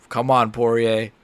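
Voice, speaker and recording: Male streamer, casual excitable fight reactions, mid pitch, dry close-mic sound. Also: clean tone, dry recording. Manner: chatty, excitable, lots of "like" and "bro". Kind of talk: casual live reaction commentary.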